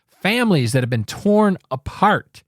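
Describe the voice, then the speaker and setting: A man's voice: high-pitched, very animated, unhurried, dry recording, clean studio sound. A man hosting a political talk show, ranting with angry, sarcastic emphasis and frequent swearing.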